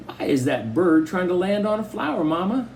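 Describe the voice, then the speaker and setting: A man's voice: high voice, sing-song, moderate pace, gravelly, a little mellow, a little hiss or hum, pitched above the performer's own voice, full character voice. Man playing a curious young boy.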